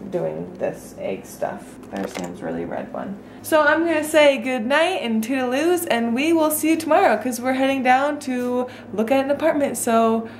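A young woman talks casually to her vlog audience from home, late at night. Her voice sits a little high and she giggles easily between chatty remarks. A faint hiss runs under the recording. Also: sing-song, normal speed, few pauses. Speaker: vlogger. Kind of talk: casual chat.

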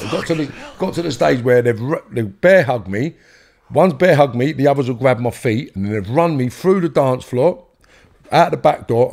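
A man's voice: mid-range voice, vocal fry, darkish tone. A man with a London accent tells a story in a podcast interview. His manner is blunt, his speech is full of swearing, and his voice leaps up whenever he acts out heated arguments. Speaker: interview guest.

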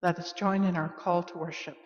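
A woman leading a church worship service, reading liturgy in a measured, solemn way. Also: lowish voice, steady tone, lo-fi sound. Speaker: worship leader. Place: church sanctuary. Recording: long reverb of a church hall.

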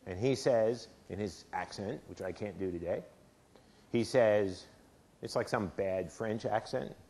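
A man's voice: fairly low pitch, unhurried, mellow. Man lecturing on chemistry to a class. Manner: asks the class questions, conversational. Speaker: chemistry professor. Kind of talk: university lecture. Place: lecture hall.

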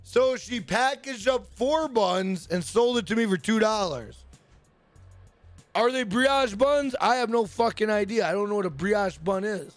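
Male streamer, very high voice, dry close sound, swears constantly, chatty storyteller. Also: unhurried, no echo, soft background music. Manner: profane, rambling storyteller greeting chat by name. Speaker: livestream host. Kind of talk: casual livestream chat.

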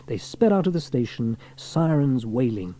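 A man reading a children's storybook aloud in an expressive way. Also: medium pitch, moderate pace.

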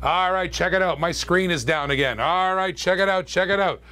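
A man hosting a live-streamed toy car auction, calling bids in quick, chatty patter and joking with viewers. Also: sits high, sharp tone. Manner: chatty, joking, fast auction calls with laughs.

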